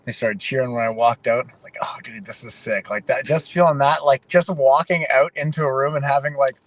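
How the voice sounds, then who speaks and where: A man's voice: medium pitch, fairly quick, poor audio. Fighter guest telling stories, a man. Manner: animated storytelling, emotional. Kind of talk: casual interview.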